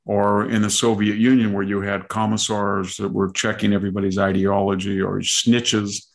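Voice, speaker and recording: An older man with a low, gravelly voice, talking through political commentary on a podcast. He rambles in long lists and slips into mock quotations as he makes his case. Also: flat delivery, normal speed. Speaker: podcast host.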